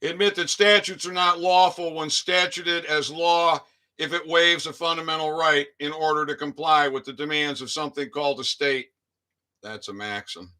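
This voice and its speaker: Man, slightly high and sharp-toned, reading formal claims aloud. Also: steady tone, normal speed. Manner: reads formal statements with muttered asides. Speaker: citizen activist. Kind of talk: reading a legal document aloud.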